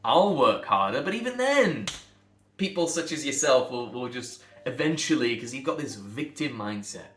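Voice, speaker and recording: A man from England, a speech coach, talking bluntly and emphatically to camera, sometimes building to loud outbursts. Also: medium pitch, sing-song, moderate pace, roomy sound.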